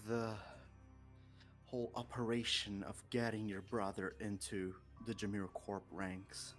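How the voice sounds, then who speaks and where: A man narrating as game master of a tabletop game, setting scenes in a measured, unhurried way. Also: lowish voice.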